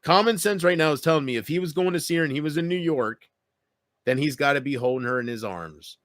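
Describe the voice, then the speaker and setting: Guy rambling on his stream, kinda high voice, cussing, super dry close mic. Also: lively intonation, fast, fairly bright tone, no echo. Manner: rambling, joking, swears often. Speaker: livestreamer. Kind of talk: casual livestream chat.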